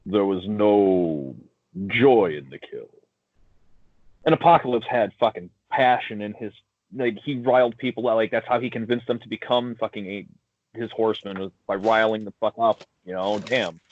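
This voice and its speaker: A man co-hosting a casual podcast chat, swearing freely and giving blunt, animated opinions. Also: lowish voice, brisk, no room sound. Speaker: podcast co-host. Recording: dull lo-fi sound, dry.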